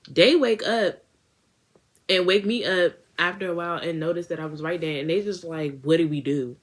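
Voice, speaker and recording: Low-voiced young woman telling a story. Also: moderate pace. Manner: animated casual storytelling with slang. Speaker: beauty vlogger. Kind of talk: storytime vlog.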